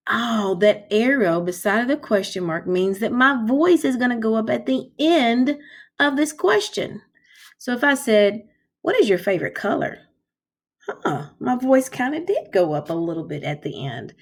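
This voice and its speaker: A woman teaching kindergarten, talking slowly and clearly in a sing-song voice and stretching out the hard words. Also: mid-range voice. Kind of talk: slow, clear classroom instruction for young children.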